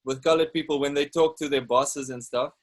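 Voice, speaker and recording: A young man from South Africa with a South African accent, hosting a podcast in a relaxed, chatty way, using "like" a lot. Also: fairly high pitch, fairly quick. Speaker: podcast host. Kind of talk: casual conversation.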